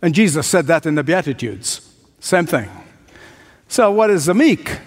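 High-voiced man preaching in a hall. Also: sing-song, normal speed. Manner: rhetorical repetition, emphatic preaching cadence. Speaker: pastor. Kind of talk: sermon. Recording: long hall reverb.

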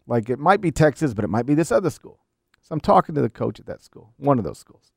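A man's voice: mid-range voice, big pitch swings, fast, creaky, no room sound, studio quality. A middle-aged man delivering an emphatic, argumentative sports commentary, pressing his case with repeated rhetorical questions. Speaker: college basketball commentator. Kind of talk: opinion commentary monologue.

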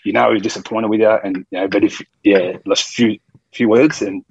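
A man's voice: on the low side, steady tone, a little fast, gravelly, slightly rough, dry recording, dull audio. An Australian man in his early forties, a former footballer, telling stories in a rambling, casual way full of quoted dialogue. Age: early 40s. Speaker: former rugby league player, guest. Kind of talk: casual storytelling.

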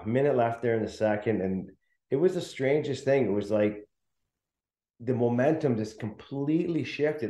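A middle-aged Canadian man, once a hockey player, is a guest in a casual interview, telling stories and laughing often. His medium-pitched, warm voice sounds reverberant, and he's chatty, restarting his sentences a lot.

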